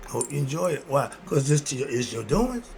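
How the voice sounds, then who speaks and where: A man's voice: mid-range voice, sing-song, a little fast, gravelly, darkish tone, a little hiss or hum. A man in his sixties hosting his own video, ranting bluntly and answering his own rhetorical questions. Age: 60s. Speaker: video host. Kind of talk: ranting monologue.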